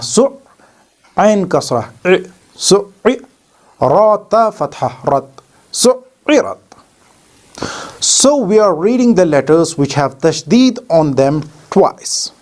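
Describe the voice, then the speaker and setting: A man teaching Quran recitation in a deliberate voice-over, spelling out letters and sounds one by one and putting questions to the viewer. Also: a little high, a little mellow. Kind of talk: slow, deliberate instructional voice-over.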